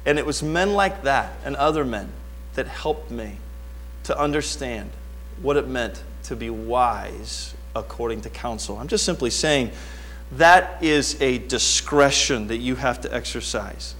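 A middle-aged man preaching a sermon, telling stories with animated swings from quiet asides to near-shouting. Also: mid-range voice, a little slow, a little hiss or hum. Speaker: pastor.

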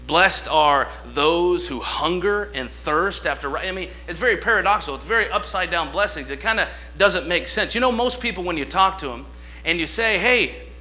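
Bright-voiced folksy preacher man. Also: fairly high pitch. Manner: folksy, animated, swings between quiet asides and loud emphatic lines. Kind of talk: sermon with storytelling.

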